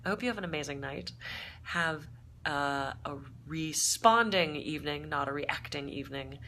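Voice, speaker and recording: Chatty woman vlog host, tired after travel, bright and forceful voice on the low side, animated storytelling. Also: normal speed, a little hiss or hum. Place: hotel room.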